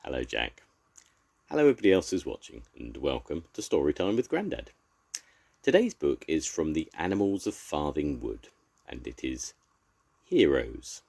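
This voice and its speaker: Very deep-voiced older man reading aloud. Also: normal speed, creaky, husky. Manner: expressive, lively storytelling. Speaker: grandfather storyteller. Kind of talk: children's story read aloud.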